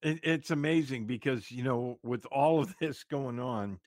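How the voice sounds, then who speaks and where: A male talk radio host interviews his guest in a loose, conversational way, with plenty of fillers. His voice sits at a middle pitch, and it is recorded dry and close in the studio. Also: a little slow, no room sound.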